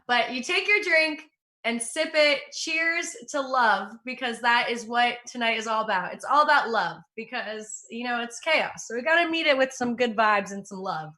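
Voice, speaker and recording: A young woman doing stand-up from home over a computer mic, upbeat and self-mocking. Her voice is bright and a bit high, and she talks with lively energy. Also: moderate pace. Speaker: stand-up comedian. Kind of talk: stand-up comedy set. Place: at home in front of a green screen. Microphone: computer mic for an online show.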